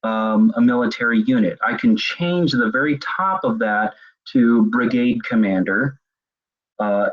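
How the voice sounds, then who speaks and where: A man presenting a recorded web seminar on leadership, explaining ideas as he thinks them through. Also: mid-range voice. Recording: dull lo-fi web seminar audio.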